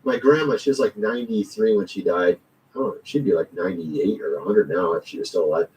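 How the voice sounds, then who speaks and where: A man's voice: on the low side, a little fast, a little mellow, far from the mic, poor audio. A man giving rambling, slangy commentary in a vlog, chuckling often. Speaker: commentary vlogger. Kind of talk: casual political commentary.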